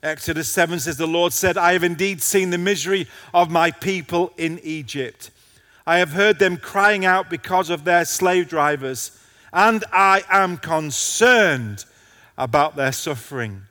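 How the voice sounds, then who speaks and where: A man's voice: a little high, a little slow, bright, forceful tone, in a large hall. A male pastor preaching a passionate sermon to a congregation, his intensity rising and falling.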